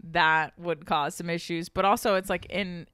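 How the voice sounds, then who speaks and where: A young woman co-hosting a podcast from home in casual chat, joking with quick asides. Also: on the low side, steady tone, a bit bright, clear, resonant tone, no echo, clean studio sound. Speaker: podcast co-host.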